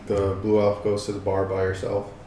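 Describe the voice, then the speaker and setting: A man playing in a tabletop game, hesitant and halting as he speaks in character. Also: lowish voice, monotone, mellow, roomy sound, slight background noise. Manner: hesitant, full of ums and restarts. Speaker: player. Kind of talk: tabletop role-play banter.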